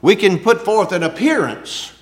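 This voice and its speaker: A man delivers a sermon in a conversational style at normal speed, his high-pitched voice swinging widely in pitch. He poses rhetorical questions and alternates between loud emphasis and quiet asides.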